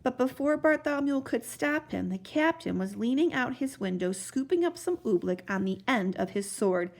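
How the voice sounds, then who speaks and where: Woman, children's storybook narration, high voice, lively expressive delivery. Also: moderate pace, creaky.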